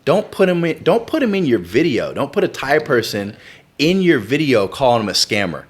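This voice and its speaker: A man talking as a podcast guest, relaxed and agreeable, often chiming in with "yeah.". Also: medium pitch, normal speed, slightly rough. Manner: laid-back, agreeable, lots of "yeah". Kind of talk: casual podcast chat.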